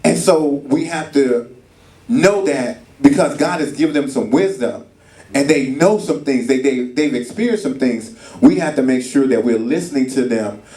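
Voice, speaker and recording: The recording is echoey and the mic sits far off as a man with a mellow, mid-range voice preaches at a moderate pace. It's a marriage retreat sermon in a church retreat hall, told through casual, colloquial stories with acted voices.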